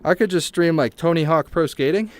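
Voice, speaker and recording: A man's voice: on the high side, brisk, dry recording. A man livestreaming a game in VR, talking casually and rambling in a self-deprecating way. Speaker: streamer. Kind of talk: casual gaming livestream chat. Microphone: VR headset mic.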